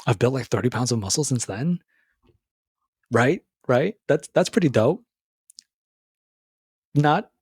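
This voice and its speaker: A young man talking casually to his viewers, rambling and stammering through restarts, animated and full of bro slang. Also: mid-range voice, gravelly, husky, no echo, studio quality. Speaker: YouTuber. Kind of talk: casual monologue to camera.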